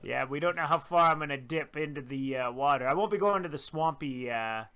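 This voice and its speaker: A man's voice: a little high, brisk, sharp tone, clean tone. A man co-hosting a radio show, joking and chiming in with short reactions. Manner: joking, interjecting. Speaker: radio co-host. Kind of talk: casual radio banter.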